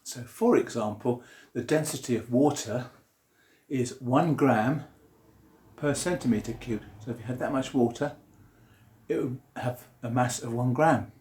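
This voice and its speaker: A man's voice: medium pitch, unhurried, darkish tone. A man gives a lighthearted science lesson, cracking puns as he explains things step by step. His voice sits in a middle range and carries a noticeable room echo. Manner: jokey, punning, explaining while drawing. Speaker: science teacher. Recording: roomy echo.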